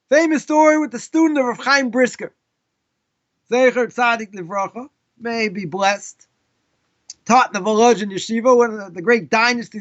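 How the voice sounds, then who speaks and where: High, bright-voiced Boston rabbi teaching. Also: male voice, highs cut off. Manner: storytelling, acts out questions in quoted voices. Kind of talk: live Torah class.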